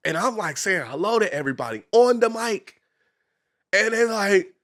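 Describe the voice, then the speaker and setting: A man, a talk show host guesting on a podcast, telling a story with excitement, acting out quotes and swinging from whispers to shouts. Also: sits high, normal speed. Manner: speaks some Spanish and English. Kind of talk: animated storytelling in casual chat.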